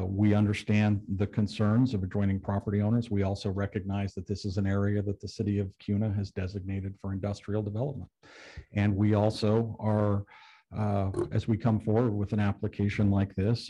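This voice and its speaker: A man representing an applicant at a council meeting, speaking in a measured, businesslike way. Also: fairly low pitch, level tone, warm tone, husky, dull audio. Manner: measured, businesslike, with some restarts. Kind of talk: formal testimony at a council meeting.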